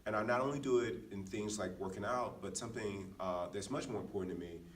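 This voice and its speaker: A man speaks in a fairly low voice, sharing earnest personal stories on a podcast, often restarting his sentences. He sits a little back from the microphone. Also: fast, recorded from a distance. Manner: earnest, anecdotal, frequent restarts. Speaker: podcast co-host. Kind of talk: casual reflective chat.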